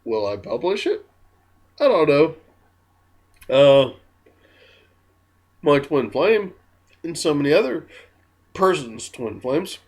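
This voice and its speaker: A man who is drunk, talking in a slow, meandering, giggly way with many ums in a spiritual monologue to camera. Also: a little high, very animated. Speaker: spiritual vlogger.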